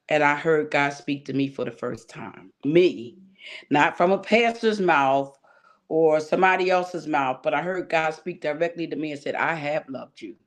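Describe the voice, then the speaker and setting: A woman tells her personal story of faith as a guest on a talk show. She speaks earnestly and emotionally, often pausing on fillers, and at times sounds close to tears. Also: deep voice. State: near tears.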